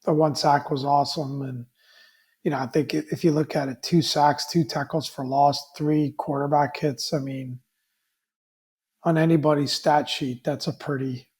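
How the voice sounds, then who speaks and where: Male podcast co-host, higher-pitched, rambling and casual, easy to laugh. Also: steady tone, moderate pace, darkish tone. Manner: rambling, many fillers and restarts, laughs easily. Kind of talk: casual sports chat.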